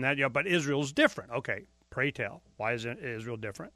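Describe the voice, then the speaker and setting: Man, talk radio host, rambling emphatic monologue, bright tone, close dry studio sound. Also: a little high, very animated, fairly quick, hardly any pauses, no room sound. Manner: rambling, emphatic, full of fillers.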